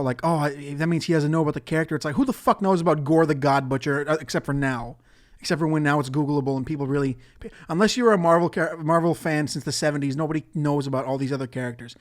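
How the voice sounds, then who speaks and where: Guy doing a solo podcast, kinda high voice, swears a lot, rambles and laughs. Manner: profane, laughs often, rambling asides. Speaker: podcast host. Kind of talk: casual solo podcast talk.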